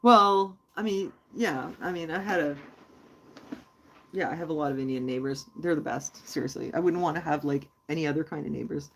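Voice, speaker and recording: A woman's voice: sits low, normal speed, a little hiss or hum. A woman hosting a casual livestream, chatty and rambling as she answers her viewers. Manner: chatty and rambling, many fillers. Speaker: host.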